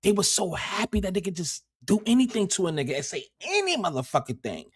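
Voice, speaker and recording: A man's voice: high-pitched, big pitch swings, quick pace. A man hosting a casual livestream, rambling and swearing heavily, often repeating words as he talks. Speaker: livestream host.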